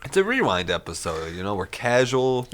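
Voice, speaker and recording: A man's voice: mid-range voice, big pitch swings, normal speed, fairly bright tone. A man co-hosting a podcast, trading crude jokes in casual banter and laughing often. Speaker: podcast co-host.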